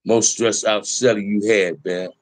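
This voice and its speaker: A man's voice: lowish voice, steady tone, unhurried, no room sound. A middle-aged man telling prison stories in casual talk to a live chat, candid and laid-back, full of street slang.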